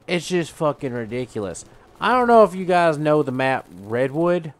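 A man's voice: a little high, expressive, moderate pace, smooth. A male gaming channel host giving a profane, ranting, exasperated gameplay commentary.

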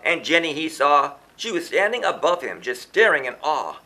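Guy reading a rhyming kids book, sing-songy, bright voice, pitch all over the place. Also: normal speed, few pauses. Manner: sing-song, animated reading with chanted refrains. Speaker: storyteller reading a children's book. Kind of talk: rhyming storybook read-aloud.

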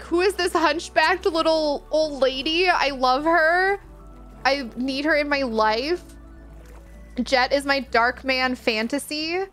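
A woman gaming streamer gives live reaction commentary in a high voice, excitable and gushing, full of exclamations.

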